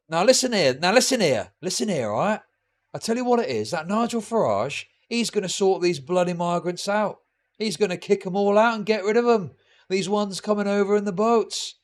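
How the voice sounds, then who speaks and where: A man voicing a loud, blustering middle-aged bigot ranting in pub style. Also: high-pitched, voice pushed up, lightly acted. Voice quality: blustering, pub-style rant, repeats "listen here".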